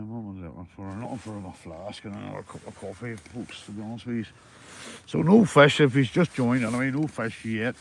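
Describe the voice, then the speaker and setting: A man's voice: lowish voice, vocal fry, slight background noise. A Northern Irish man livestreaming while fishing outdoors, chatting casually to viewers, swearing freely and calling them mate. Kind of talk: casual chat to live viewers. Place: outdoors by the water.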